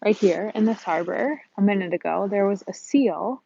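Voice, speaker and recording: A woman's voice: medium pitch, moderate pace, vocal fry, mellow, dull audio, a little hiss or hum. A woman with a Midwestern American accent hosting a casual live stream outdoors by a harbor, greeting viewers by name and laughing often.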